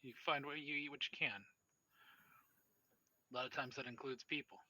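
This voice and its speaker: A man voicing a bitter, resigned young thin-blooded vampire who mutters low and curses a lot. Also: steady tone, moderate pace, bright, forceful tone, low-quality recording.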